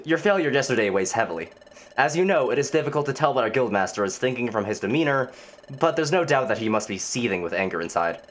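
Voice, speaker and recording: A man's voice: mid-range voice, lively intonation, quick pace, natural voice. A man voicing a bossy, strict male bird who runs a guild and lectures in a stern tone.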